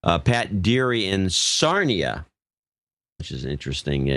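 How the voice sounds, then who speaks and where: Deep-voiced man reading donor names. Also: very animated, measured pace, fairly bright tone, no room sound. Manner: offhand, stumbles over names. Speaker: podcast co-host.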